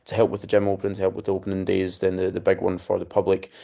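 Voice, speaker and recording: A man's voice: low voice, monotone, very fast, creaky, mellow. A young man, co-hosting a casual podcast and telling stories with swearing and laughter. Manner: chatty storyteller, swears, laughs often. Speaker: podcast co-host, coach.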